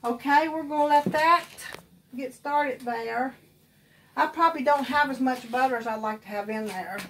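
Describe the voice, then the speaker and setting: Homey Appalachian cook, high voice, teasing and talkative, recorded from a few feet away. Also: female voice, moderate pace, fairly bright tone, far from the mic, a little hiss or hum. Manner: chatty, rambling, teasing. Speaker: cooking show host. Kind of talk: casual cooking demonstration. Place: home kitchen.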